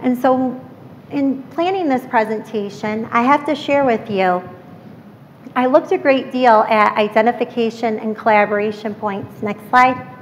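A woman's voice: a little high, measured pace. A woman giving a live keynote presentation to an audience in a lecture hall, earnest and emphatic, often putting questions to the room. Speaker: keynote speaker. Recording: reverberant hall, faint room noise.

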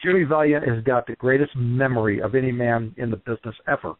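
A man who trains wrestlers speaks at a quick pace in a mid-range voice during a casual radio interview over the phone. His storytelling is animated, rambling, and full of fillers, heard through a tinny, dry line.

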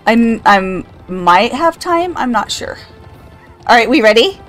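A woman's voice: fairly high pitch, very animated, slow, fairly bright tone, soft background music. An older woman streaming a game, chatting casually, reading out chat and laughing often. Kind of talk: casual live-stream chat while gaming.

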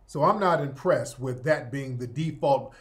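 A man's voice: medium pitch, normal speed. A male host giving opinionated commentary, sardonic and emphatic, often tagging his points with "yeah?".

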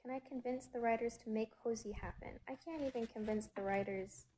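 A woman chatting casually on a phone livestream, greeting viewers and reading their comments aloud in a breezy way, quick to laugh. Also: a little high, warm tone, a little hiss or hum, low-quality recording. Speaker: actress hosting a livestream.

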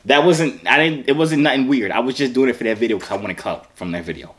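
A young YouTuber from Arkansas talks fast in a mid-range voice, joking around with strangers on a phone video chat in a playful, teasing way.

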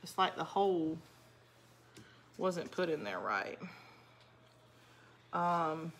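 Woman, Southern accent from Georgia, middle-aged, casual craft chat, low voice, forceful tone. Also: sing-song, takes it slowly, pauses often, a little hiss or hum. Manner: chatty, reads out and answers viewer comments. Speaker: craft channel host.

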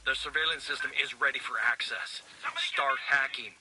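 A man's voice: mid-range voice, steady tone, moderate pace, bright, forceful tone, a little hiss or hum, rough recording. A man voicing a terse male soldier in a video game, giving clipped military callouts about enemies and objectives. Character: terse male soldier calling out combat reports. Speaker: game character voice.

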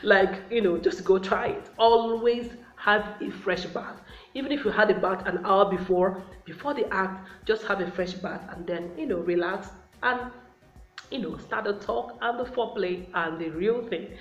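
A woman's voice: medium pitch, normal speed. A woman giving relationship advice to the camera in a casual, chatty way, often calling her viewers guys. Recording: roomy, slightly dull sound.

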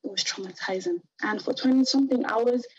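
A young woman from Nigeria, a guest on a television interview, recounting a personal ordeal in an earnest, halting way with many fillers. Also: fairly high pitch, a little mellow, lo-fi sound.

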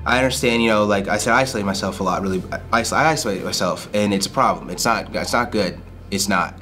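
Vet with a really deep voice, talking straight, soft music. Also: male voice, fast. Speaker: veteran. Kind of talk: oral history interview.

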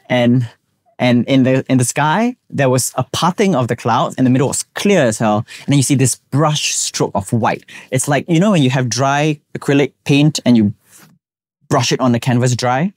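A man's voice: mid-range voice, moderate pace, slightly rough, no echo, studio quality. A young man from Singapore with a Singaporean English accent, hosting a podcast and telling a personal story, acting out the voices of the people he quotes. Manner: animated, acts out quoted voices. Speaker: podcast host.

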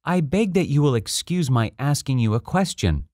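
A man voicing a small, timid boy prince in a storybook reading, speaking softly and earnestly. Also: medium pitch, expressive, normal speed, dry recording, studio quality, voice pushed up, natural voice.

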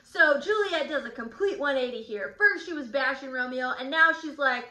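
A woman's voice: high-pitched, normal speed, few pauses, bright, forceful tone. A woman teacher leading a casual guided reading lesson, chatty with sardonic asides. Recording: roomy echo.

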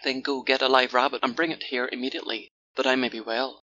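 A man's voice: medium pitch, level tone, fast talker, bright, forceful tone, a little hiss or hum, natural voice. A man doing a sick, weak fish king. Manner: weak, commanding. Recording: dull lo-fi audiobook recording.

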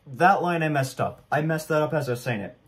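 A man's voice: on the high side, fairly quick. Young man, chatty, rambling, laughs at himself; casual home commentary. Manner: rambling, chatty, self-deprecating. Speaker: vlogger.

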